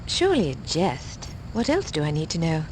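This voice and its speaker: A woman's voice: low voice, wildly swooping pitch, normal speed. A dry-witted female spy. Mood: wry. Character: cool-headed female spy. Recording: game audio with loud ambient noise.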